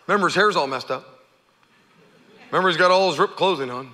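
Animated preacher with a bright, high voice. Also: male voice, brisk, long pauses, in a large hall. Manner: animated storytelling, acting out the characters' shouts. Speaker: pastor. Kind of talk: sermon.

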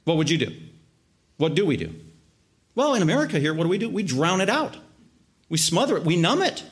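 A man with a somewhat high voice delivers a sermon. He preaches emphatically, piling up words in long repeated lists. He slows down to press on the words that matter most. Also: big pitch swings. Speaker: pastor.

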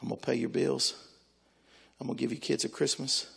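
God: soft, low, fatherly reassurance from a preacher. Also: fairly even intonation, normal speed, gravelly, slightly rough. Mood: reassuring. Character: God speaking, calm fatherly male voice.

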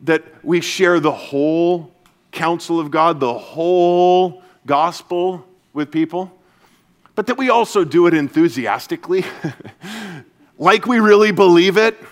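A man preaching as a pastor to his church, earnest and energetic, dropping to a soft, hushed voice for comforting passages. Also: a little high, unhurried. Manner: earnest, shifts to soft hushed tones when quoting Jesus. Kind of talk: sermon. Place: church service.

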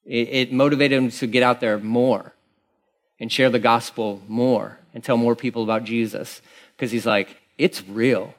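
A man's voice: mid-range voice, fairly even intonation, normal speed. Casual rambling man preaching a sermon. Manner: casual, rambling storytelling with many fillers and restarts. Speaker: pastor. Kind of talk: conversational sermon.

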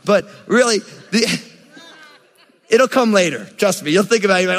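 A man's voice: high-pitched, moderate pace, pauses often, in a large hall. A man, a pastor, preaching a sermon in a playful, joking way. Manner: jokey, animated preaching with playful voices for quotes.

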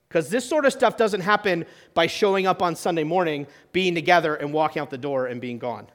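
Pastor guy preaching in church, high voice, chatty, goes loud then real quiet. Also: expressive, brisk. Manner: conversational preaching with rhetorical questions; swings from loud emphasis to quiet, near-hushed lines. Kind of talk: sermon.

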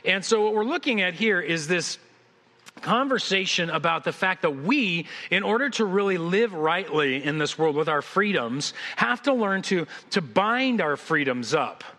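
A man's voice: high-pitched, animated, moderate pace, sharp tone, in a large hall. A man preaching a sermon as senior pastor to a church congregation. He talks in a conversational, joking way, with frequent restarts. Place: church sanctuary.

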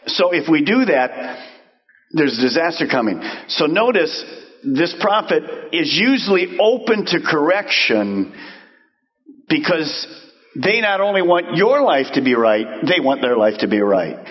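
A man preaching a sermon as pastor, animated and acting out quoted voices. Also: medium pitch, muffled recording.

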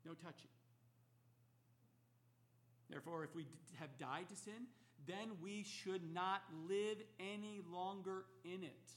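A man's voice: sits high, takes it slowly, pauses often. A man preaching an expository sermon, emphatic and repeating key phrases for effect. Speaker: pastor.

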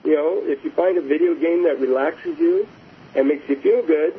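A man's voice: fairly high pitch, wildly swooping pitch, moderate pace. A man guest talking casually and enthusiastically in an interview, telling anecdotes with frequent restarts. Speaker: guest author. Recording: phone-like line with faint hiss.

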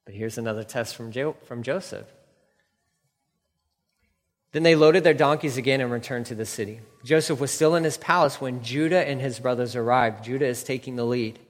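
A man's voice: mid-range voice, moderate pace, long reverb tail. A man preaching a sermon, reading scripture aloud and breaking off into casual, emphatic asides that repeat key points. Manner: conversational asides, emphatic repetition.

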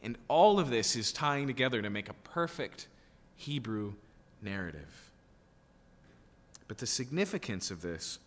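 A man's voice: lowish voice, fairly bright tone. Emphatic male preacher in a reverberant hall. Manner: emphatic, with rhetorical questions and frequent "okay?" tags. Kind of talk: expository sermon.

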